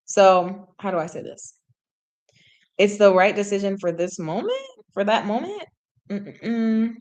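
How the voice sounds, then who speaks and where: A woman's voice: medium pitch, expressive, measured pace, a little mellow. Chatty woman learner, reading aloud. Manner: chatty, self-correcting, laughs at herself, drops into sung snippets. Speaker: language learner streaming a reading session. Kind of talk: casual live-stream reading and translating.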